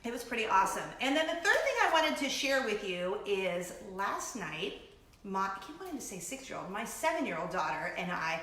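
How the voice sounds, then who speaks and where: A middle-aged woman hosting a casual chat show, talking in a bubbly, gushing way with excited asides. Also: medium pitch, echoey room. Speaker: host.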